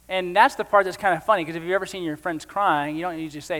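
Male pastor, high-pitched, conversational sermon delivery with jokey asides, church hall with long reverb. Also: fast talker, few pauses, fairly bright tone.

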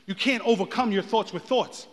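A man preaching a sermon as pastor, swinging from hushed talk to shouted passages. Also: high-pitched, normal speed. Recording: long hall reverb.

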